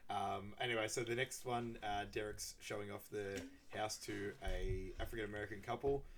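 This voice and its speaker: A man's voice: on the low side, fairly even intonation, normal speed, a little hiss or hum. A man co-hosting a podcast, recapping a film in casual chat and acting out quoted lines in raised voices. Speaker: podcast co-host.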